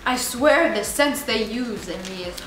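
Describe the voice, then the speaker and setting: A young woman hosting a casual candy taste-test vlog, chatty and giggly, loud when excited and mumbling while she chews. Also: on the high side, measured pace, echoey room, over music, low-quality recording. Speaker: vlog host.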